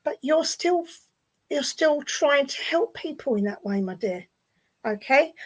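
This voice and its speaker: A woman with an English accent giving a clairvoyant message at a spiritualist service, gently reassuring and often repeating her phrases. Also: high voice, animated, a little slow, poor audio. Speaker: medium. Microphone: online video stream.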